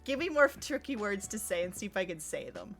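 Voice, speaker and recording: A woman's voice: medium pitch, sing-song, brisk, music in the background. A woman co-hosting a podcast, recapping a game session in casual chat; she laughs easily and stumbles over words. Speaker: podcast co-host.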